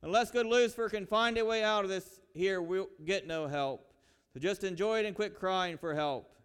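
A man's voice: high-pitched, normal speed, fairly bright tone, clean tone, voice pushed up. A man voicing a scornful tortured demon who snorts at a fellow sufferer. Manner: snorting, contemptuous. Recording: reverberant hall.

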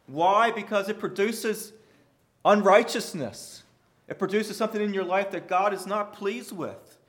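A male pastor delivers an earnest sermon, his voice sitting a little higher than most men's. He drives points home by repeating phrases, rising to forceful emphasis and then dropping almost to a murmur. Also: unhurried. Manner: earnest preaching with sudden rises and quiet drops.

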